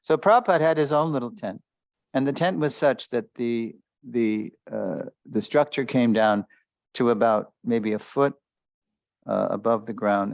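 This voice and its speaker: Guy with a gravelly creaky voice telling an old story, dry close sound, lots of uh and you know. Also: medium pitch, no room sound. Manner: anecdotal, chuckling, many fillers. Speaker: spiritual teacher. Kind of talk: storytelling lecture.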